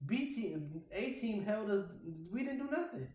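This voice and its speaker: A man hosting a casual sports podcast, ranting in an exasperated, animated way. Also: sits high, a little slow, echoey room, low-quality recording. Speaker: podcast host.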